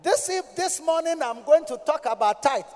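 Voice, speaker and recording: A Ghanaian man preaching a sermon as pastor, moving between low talk and loud sing-song shouts. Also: animated, normal speed. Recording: hall reverb.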